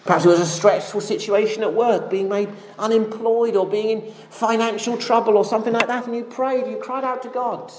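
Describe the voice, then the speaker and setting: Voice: medium pitch, steady tone, a little fast, few pauses, a little mellow. A preacher giving a sermon in a church, earnest and voicing quoted prayers with feeling. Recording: echoey room, faint background noise.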